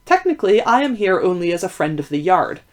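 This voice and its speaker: A woman reading aloud, voicing a shrewd, formal Victorian male detective with measured, deliberate speech. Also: fairly low pitch, very animated. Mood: probing. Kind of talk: audiobook reading.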